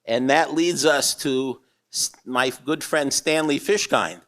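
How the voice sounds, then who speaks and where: An older man gives a humorous talk as a rabbi. He tells his anecdotes wryly and acts out the characters in them, and his voice sits at a middle pitch. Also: slow, fairly bright tone. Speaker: rabbi and eruv builder speaking.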